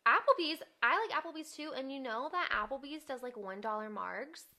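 A woman's voice: high voice, brisk, pushed and bright. A young woman co-hosting a podcast, upbeat and playfully teasing, laughing often in casual chat. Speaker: podcast co-host.

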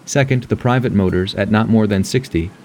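Male audiobook narrator, low and mellow, measured delivery. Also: a little hiss or hum. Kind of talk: scripted narration.

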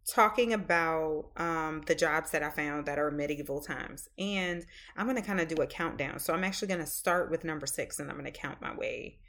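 A woman with a Southern drawl hosts a podcast, talking at her own rambling pace and stretching out her phrases. Her voice sits a touch low for a woman. She fills her pauses with ums and likes. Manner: rambling and chatty, many fillers, drawn-out phrases. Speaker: podcast host. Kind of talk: casual monologue.

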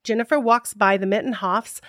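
A woman co-hosting a podcast, narrating scenes and trivia in a clear, measured way. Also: mid-range voice, fairly bright tone, dry recording, studio quality. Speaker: podcast co-host.

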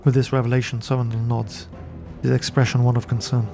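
A man narrates a fantasy tabletop game in a measured, storytelling manner. His voice is mellow and warm, with faint music underneath. He speaks from a podcast studio. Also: medium pitch, flat delivery, vocal fry. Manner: measured storytelling, then chatty sign-off. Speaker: game master and podcast host.

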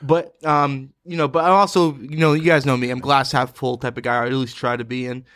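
A man's voice: medium pitch, level tone, fairly quick, a bit bright, no echo, studio quality. A man, co-hosting a podcast in casual, rambling chat that is full of swearing and restarts. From Boston area. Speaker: podcast co-host.

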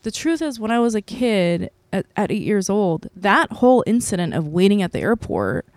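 A woman's voice: medium pitch, very animated, normal speed, a little mellow, dry recording. A woman telling a candid personal story about being a mother, swearing freely and filling her talk with "like". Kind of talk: casual podcast chat.

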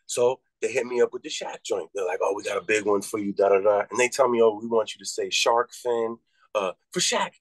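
A rapper from Massachusetts telling a story in a casual interview, animated and profane, acting out the people he quotes with big jumps in his voice. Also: on the low side, a little fast, no echo, poor audio. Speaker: rapper and podcast guest.

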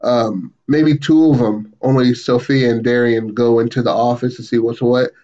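Man animatedly recapping a story, muffled audio. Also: normal speed. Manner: animated retelling, acts out quotes with raised pitch. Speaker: podcast co-host. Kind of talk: casual storytelling chat.

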